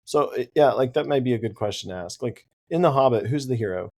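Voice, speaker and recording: A man's voice: mid-range voice, animated, fast, darkish tone. A man co-hosting a podcast, talking animatedly about books and laughing easily. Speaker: podcast co-host. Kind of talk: casual book discussion.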